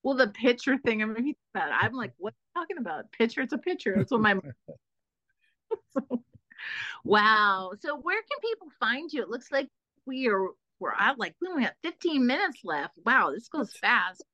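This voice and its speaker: A bubbly woman from Texas with a bright, forceful, fairly high voice, hosting a casual interview. She talks in loose run-on phrases packed with "like". The audio is dry and a little dull and lo-fi. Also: very animated, normal speed, no room sound. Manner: bubbly, lots of "like" and restarts. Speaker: podcast host.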